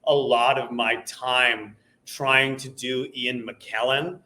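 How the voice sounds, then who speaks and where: A young man in casual conversation about doing impressions, animated and quick to laugh, slipping into bits of voices. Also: mid-range voice. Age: young adult. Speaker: impersonator guest. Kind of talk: casual chat.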